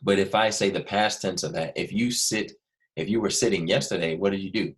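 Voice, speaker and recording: Male teacher doing a video lesson for kids, low voice, goes over stuff again and again. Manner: patient, repeats key points slowly. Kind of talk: recorded video lesson for young students.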